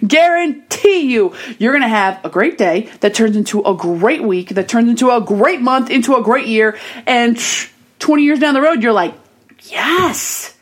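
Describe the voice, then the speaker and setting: Animated high-voiced chatty woman. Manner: animated, chatty storytelling with acted-out self quotes; upbeat, motivational. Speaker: vlogger. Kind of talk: casual monologue to camera.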